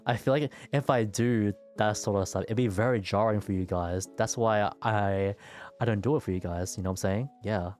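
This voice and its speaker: A man's voice: on the low side, moderate pace, a little mellow, soft background music. A man streaming and chatting casually with his viewers, stuttering and repeating words as he talks.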